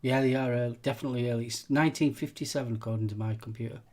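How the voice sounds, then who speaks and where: A woman co-hosting a casual live chat, chiming in with short, warm remarks. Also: very deep voice, steady tone, very fast. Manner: warm, brief interjections.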